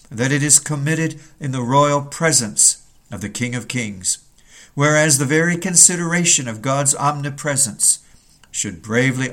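A man's voice: mid-range voice, a bit bright. Man, sermon reading, old-style English, earnest, urgent questions, mid-range voice. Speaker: reader of a Puritan sermon.

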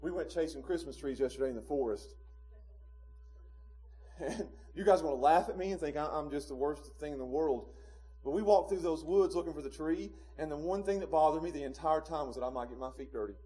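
Preacher, man in his thirties, high voice, quiet-to-loud emphatic sermon delivery in a church. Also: a little fast. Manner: swings between quiet low stretches and loud emphatic peaks, with chuckles. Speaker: pastor. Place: church sanctuary.

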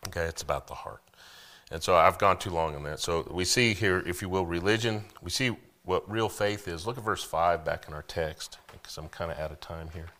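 Low-voiced pastor preaching. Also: male voice, pushed and bright. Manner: conversational preaching, asks the congregation questions, bursts of emphasis. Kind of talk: sermon.

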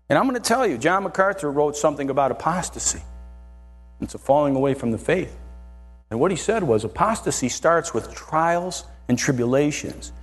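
A man preaching a sermon with a husky voice, talking in a lively, animated way and often checking in with his listeners by asking "right?". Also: on the high side, moderate pace, soft background music.

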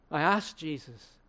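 Brief: a man as an aged apostle, earnest and unhurried, higher voice, dramatic pauses in a sermon monologue. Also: bright, forceful tone, exaggerated voice. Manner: slow, earnest, with dramatic pauses and swelling emphasis. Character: aged male apostle recalling the crucifixion, earnest. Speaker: preacher in character. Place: room with listeners.

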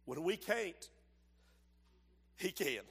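A man preaching a fervent sermon, swinging from shouts to low asides and calling out to the congregation. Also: animated, extremely slow, creaky, husky. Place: church sanctuary. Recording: long hall reverb.

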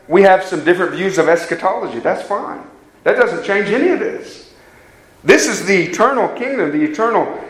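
A man's voice: sits high, a bit bright. A man preaching a sermon, earnest and emphatic, putting direct questions to his congregation. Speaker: pastor. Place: church hall. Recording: echoey church room.

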